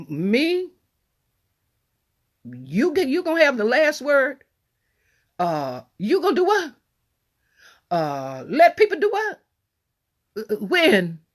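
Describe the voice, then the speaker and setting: A middle-aged woman delivers a sermon in a folksy, conversational way. She is animated, swinging between loud bursts and near-quiet asides. She often repeats and restarts her phrases as she preaches. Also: sits low.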